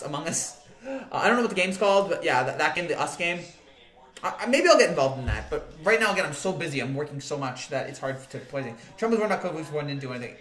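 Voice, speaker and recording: A man's voice: a little high, a bit bright. Chatty man streaming live in an echoey room. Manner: rambling, laughing, with frequent fillers and restarts. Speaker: livestream host. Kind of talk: casual livestream chat reading viewer comments. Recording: roomy echo.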